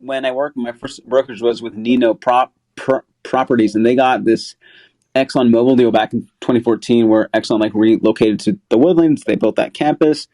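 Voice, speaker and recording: A man with a mellow, warm voice chats casually in a group audio room. His talk is laid-back and full of slang and filler words, and he speaks as a broker who hires agents. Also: medium pitch, fairly even intonation, moderate pace. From Texas. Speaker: apartment locating broker and host.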